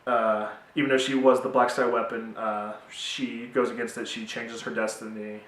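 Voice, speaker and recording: A man's voice: mid-range voice, little pitch movement, normal speed, a bit bright, far from the mic, a little hiss or hum. A young man giving a casual, rambling TV review with many fillers, recorded at home in a roomy space away from the mic. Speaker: TV show reviewer.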